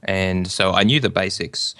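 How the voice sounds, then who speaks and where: A man guesting on a podcast interview, talking in a measured, precise way about running his own show. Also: deep voice, fairly even intonation, gravelly, pushed and bright, dry recording. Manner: measured, precise, self-described control freak. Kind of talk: casual interview.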